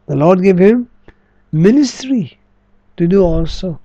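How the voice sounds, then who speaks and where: A man preaching a sermon, slow and emphatic, drawing out key words. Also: sits high, lively intonation, mellow, no echo, highs cut off.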